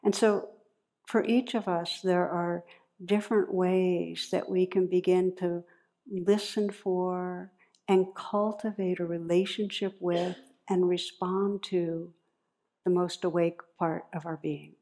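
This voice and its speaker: A woman meditation teacher giving a dharma talk in a gentle, unhurried, reflective way, leading into a guided practice. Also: on the low side, steady tone.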